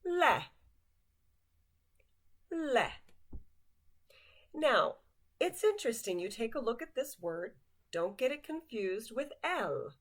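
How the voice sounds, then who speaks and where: A woman's voice: on the high side, very animated, unhurried. A woman teaching basic vocabulary word by word, patiently asking the listener to repeat each one after her. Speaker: language teacher. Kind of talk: slow vocabulary lesson with repetition.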